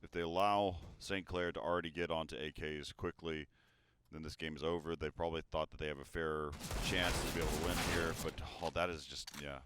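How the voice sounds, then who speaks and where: A man giving esports color commentary, relaxed and analytical, often restarting his sentences. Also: extremely low pitch, brisk, slight background noise.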